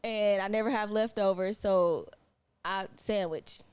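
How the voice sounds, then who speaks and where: A woman's voice: medium pitch, steady tone, a little slow, a little mellow, clean tone, no echo. A young adult woman co-hosting a podcast, talking bluntly and emphatically in casual slang. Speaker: podcast co-host. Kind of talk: casual chat.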